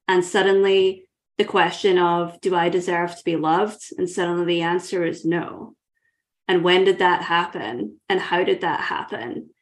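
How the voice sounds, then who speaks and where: A woman's voice: on the low side, fairly even intonation, a little slow. A Scottish woman in her thirties, a guest coach telling her own story in a thoughtful, earnest way. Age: 30s. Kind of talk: reflective personal storytelling.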